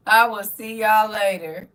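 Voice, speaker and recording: A fairly bright, mid-range voice belongs to a middle-aged woman streaming casually from home. She reads her chat, jokes with viewers and laughs often, all while sitting far back from the mic.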